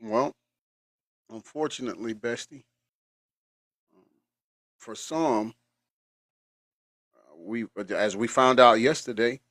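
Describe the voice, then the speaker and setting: A man's voice: mid-range voice, slow pace, pauses often, a bit bright, no echo, clean studio sound. A man co-hosting a live stream who talks emphatically, repeats his points and thanks viewers in chat. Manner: emphatic, repeats himself, colloquial.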